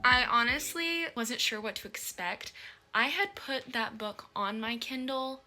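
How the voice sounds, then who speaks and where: Soft music plays behind a woman with a higher, sharp-toned voice who speaks unhurriedly. Reviewing books on her vlog, she gushes emotionally about what she's reading and leans on many fillers.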